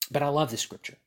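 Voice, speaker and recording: A man preaching a sermon, acting out quoted voices and dropping to a hush at key lines. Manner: animated, acts out quotes and swings from loud to hushed. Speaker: pastor.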